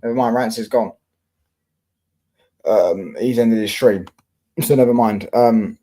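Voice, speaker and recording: A man's voice: lowish voice, takes it slowly, pauses often, dark tone. A young man from London with a London accent, hosting a casual football livestream and answering his chat in slangy, swearing talk.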